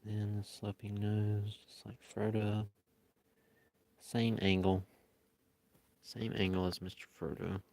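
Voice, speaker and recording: A man's voice: on the low side, little pitch movement, takes it slowly, vocal fry, long pauses, darkish tone. Laid-back man chatting while drawing. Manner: easygoing, chatty, rambling. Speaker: live-stream artist. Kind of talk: casual chat while drawing.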